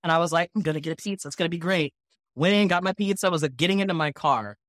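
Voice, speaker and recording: A man who is a podcast guest, telling stories in a casual, animated way, acting out other people's lines and laughing as he goes. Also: a little high, rapid-fire, dry recording, clean studio sound. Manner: animated, acts out quotes in shifting voices. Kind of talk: casual storytelling.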